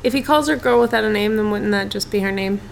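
A woman's voice: mid-range voice, quick pace, vocal fry, slight background noise. Woman co-host asking teasing questions. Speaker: podcast co-host. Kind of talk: casual chat.

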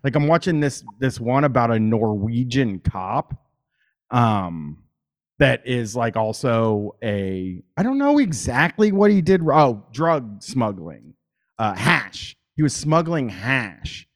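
A man's voice: mid-range voice, lively intonation, takes it slowly. A man podcaster talking as a guest in casual chat, rambling, swearing freely and using many fillers.

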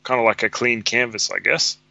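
A man co-hosting a casual chat, explaining in a relaxed way. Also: medium pitch, fairly quick, vocal fry, no echo. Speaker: podcast co-host. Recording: dull lo-fi recording.

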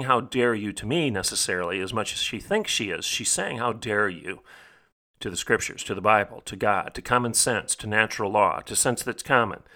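A man's voice: fairly low pitch, sharp tone. A middle-aged man hosting a podcast, delivering an emphatic, rhetorical monologue that repeats phrases for stress. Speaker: podcast host. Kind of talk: preaching monologue.

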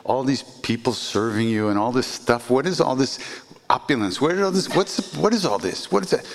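A man voicing an indignant old wandering holy man, with high, loud, wailing outbursts. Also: animated, a little fast, long reverb tail, natural voice.

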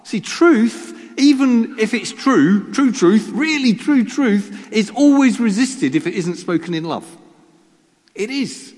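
A man's voice: high-pitched, animated, takes it slowly, darkish tone. A man preaching a sermon in church, joking at his own expense and asking the congregation rhetorical questions. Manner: self-deprecating humor, rhetorical questions. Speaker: pastor. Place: church hall. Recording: reverberant church hall.

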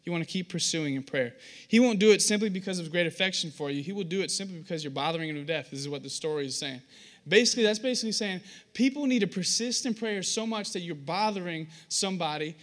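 A man's voice: sits high, quick pace. A young man preaching a sermon, telling stories with acted-out voices and poking fun at himself. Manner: animated, self-deprecating storytelling with acted-out voices.

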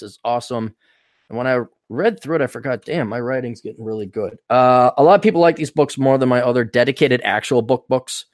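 A man's voice: medium pitch, no room sound, studio quality. A man hosting a podcast in a casual, rambling monologue, irreverent and profane. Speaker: podcast host.

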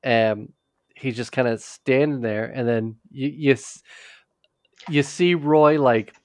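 Speaking slowly at a medium pitch, a male podcast co-host rambles through a TV episode recap, often restarting and quoting characters in passing. The recording is clean studio sound with no echo.

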